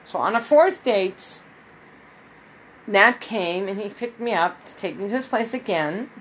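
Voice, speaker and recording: A woman's voice: medium pitch, expressive, unhurried, fairly bright tone, slightly rough, poor audio. Rambling woman telling a long story. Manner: rambling, with frequent restarts and quoted dialogue. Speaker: vlogger. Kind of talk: casual storytelling to viewers.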